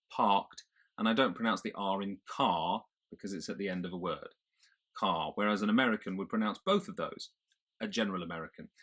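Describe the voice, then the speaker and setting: Brief: British male accent coach, slightly low voice, explains and demonstrates sounds. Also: a bit bright. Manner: explanatory, demonstrates sounds, some hesitant fillers. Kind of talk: pronunciation lesson.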